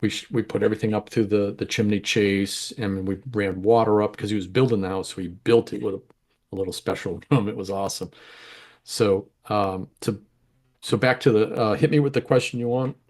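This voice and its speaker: Middle-aged male interview guest, low register, casual and frank, talks in loose run-on stories. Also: fairly even intonation, fairly quick, a little mellow. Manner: rambling, candid, self-correcting. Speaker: interview guest, home grower.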